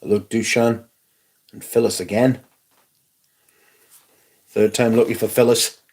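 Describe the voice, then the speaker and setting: A man's voice: on the low side, level tone, measured pace, darkish tone. A man hosting a casual live stream, chatting wryly and greeting viewers by name. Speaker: livestream host.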